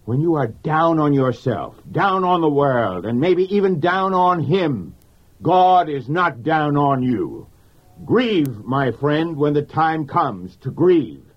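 A man delivers a sermon on a dull, lo-fi recording, his voice husky and a little high. His pitch swings widely as he speaks earnestly and directly to the listener, in a pastor's manner. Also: big pitch swings, slow pace. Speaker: preacher. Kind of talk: radio sermon.

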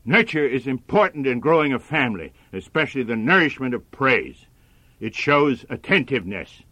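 A man preaching a sermon in a measured, earnest manner. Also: medium pitch, big pitch swings, bright, forceful tone, no room sound.

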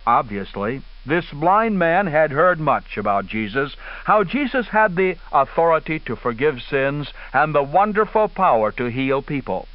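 A man preaching a radio sermon in an earnest, emphatic way with dramatic pauses. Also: on the high side, sing-song, no echo. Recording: dull lo-fi radio broadcast.

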